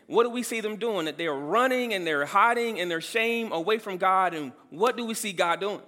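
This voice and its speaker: A man preaching a sermon as pastor, emphatic, calling out some lines loudly. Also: sits high, big-room sound.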